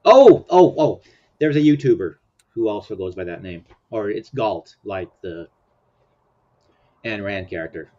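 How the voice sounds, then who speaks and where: A man's voice: low voice, measured pace, pauses often, mellow. A man hosting a casual commentary chat, chuckling often and meandering with fillers. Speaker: host. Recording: dull lo-fi sound.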